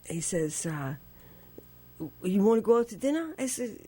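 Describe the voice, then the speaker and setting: A woman, a guest telling a story on a radio show, laughing often and jumping to a squeaky high voice when she plays her younger self. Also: sing-song, moderate pace, warm tone, husky. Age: 60s.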